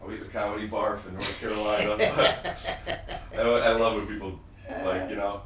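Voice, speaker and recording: A man's voice: lowish voice, steady tone, normal speed, fairly bright tone, a little hiss or hum. A man hosting a comedy podcast, joking loosely and laughing often as he chats with his guest. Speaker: podcast host. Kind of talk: casual comedic chat.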